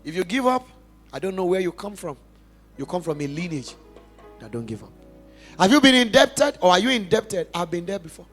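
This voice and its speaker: A young adult pastor from Nigeria with a Nigerian accent, giving an emphatic, passionate sermon testimony in church. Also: male voice, sits high, lively intonation, fairly quick, pauses often, soft background music. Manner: emphatic, passionate preaching with big swings in loudness.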